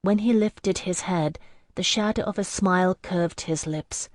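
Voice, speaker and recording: Low-voiced woman narrating a fantasy audiobook. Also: unhurried, dry recording, clean studio sound. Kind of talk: scripted first-person fantasy narration.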